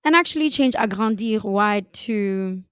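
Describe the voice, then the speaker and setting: A woman narrating a screen-recorded design tutorial, giving unhurried step-by-step instructions. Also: mid-range voice, animated, fairly bright tone, clean tone, no room sound, studio quality.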